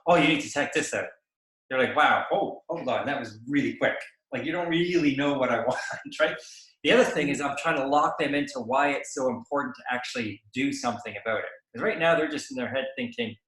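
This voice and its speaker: A man coaching someone on sales conversations in a casual, animated way, acting out both sides of a dialogue and often checking in with "right?". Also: medium pitch. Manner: animated, acts out dialogue, frequent tag "right?". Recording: roomy echoey room.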